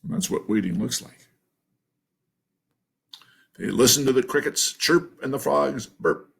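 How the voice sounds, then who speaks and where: A man reading a picture book aloud as storyteller, in a slow, playful and expressive way. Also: mid-range voice, creaky, slightly rough.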